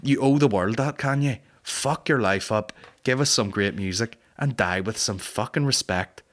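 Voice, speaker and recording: Sweary, rambling comedy podcast host. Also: male voice, mid-range voice, normal speed, a bit bright. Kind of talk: casual comedic rant.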